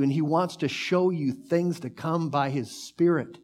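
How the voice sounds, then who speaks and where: Preacher guy giving a sermon, kinda high voice, gets loud then goes real soft and slow. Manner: fervent, pace and volume swell then drop to soft near-whisper.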